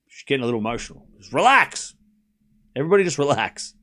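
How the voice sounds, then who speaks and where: A man hosting a live stream, calling tennis play-by-play in a chatty, excitable way, joking about the crowd and talking to his viewers. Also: medium pitch, quick pace. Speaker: stream host.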